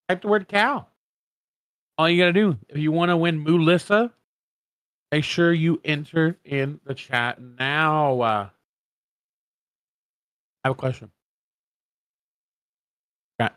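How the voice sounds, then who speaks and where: A man's voice: fairly high pitch, unhurried, pauses often, a bit bright, no echo. A man co-casting an esports watch party, rattling off standings and stats with casual asides. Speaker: co-caster.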